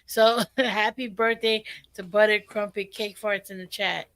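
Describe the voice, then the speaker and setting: A woman's voice: medium pitch, fairly even intonation, measured pace, a bit bright. A woman in her thirties co-hosting a stream, chatting and reading out chat messages. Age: 30s. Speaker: stream co-host. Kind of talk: casual chat.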